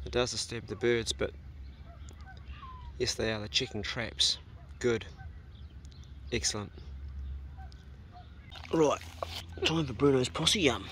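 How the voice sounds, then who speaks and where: A man's voice: mid-range voice, slow pace, pauses often, slight background noise. A man with a New Zealand accent chatting casually outdoors for his homesteading vlog and talking fondly to his dog. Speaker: homesteading vlogger. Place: outdoors on a beach.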